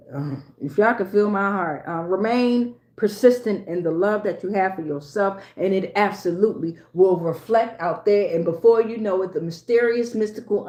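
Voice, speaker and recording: A woman's voice: mid-range voice, warm tone, reverberant. A woman giving a casual tarot reading to a phone camera, slangy and emphatic, often repeating herself. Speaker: tarot reader.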